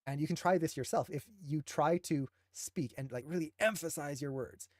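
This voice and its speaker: A man's voice: on the high side, moderate pace, a little mellow, no echo, clean studio sound. Enthusiastic man breaking down animation. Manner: enthusiastic and emphatic, admiring. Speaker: animation teacher. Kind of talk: analytical commentary on animation.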